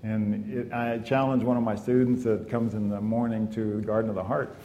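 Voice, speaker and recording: Calm warm-voiced man teaching meditation. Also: fairly low pitch, brisk, slight background noise. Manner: calm, conversational, frequent "you know". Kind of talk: informal spoken talk to a class. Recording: echoey hall with long reverb.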